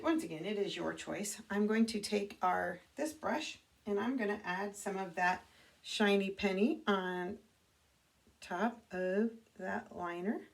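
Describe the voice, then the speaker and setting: A woman's voice: mid-range voice, creaky. A middle-aged woman talking casually through a makeup tutorial from her bathroom, correcting herself as she demonstrates. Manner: chatty, self-correcting, demonstrating as she goes. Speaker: makeup consultant. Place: home bathroom. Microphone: camera mic.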